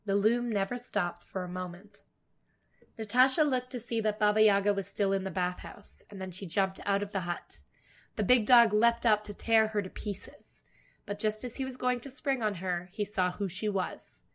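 A woman narrating a fairy tale aloud, expressive and dramatic. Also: medium pitch, moderate pace. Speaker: storyteller. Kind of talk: storybook narration.

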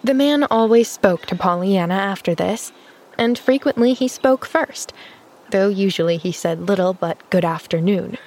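A woman's voice: medium pitch, lively intonation, normal speed, a little mellow. Woman narrating a storybook. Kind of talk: scripted narration.

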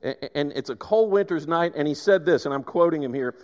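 Male pastor, fairly high voice, lively sermon storytelling, long hall reverb. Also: fairly quick, hardly any pauses, lo-fi sound. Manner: animated storytelling, frequent restarts.

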